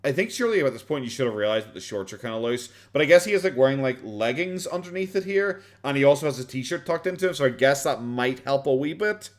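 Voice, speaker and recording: A man's voice: medium pitch, animated, fast, hardly any pauses. An Irish man chatting casually on a live stream while reacting to videos. He rambles, swears and laughs often, and keeps his voice down. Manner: kept quiet, not loud.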